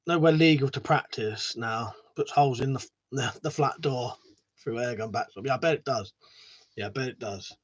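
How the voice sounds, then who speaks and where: A man hosting a casual live stream, rambling, swearing a lot and laughing as he reads out viewer comments. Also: on the high side. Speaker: livestream host.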